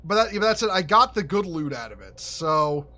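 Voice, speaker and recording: Excitable high-voiced man rambling over gameplay. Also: moderate pace. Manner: rambling, excitable, swears, frequent restarts. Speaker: gaming streamer. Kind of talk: casual gameplay commentary.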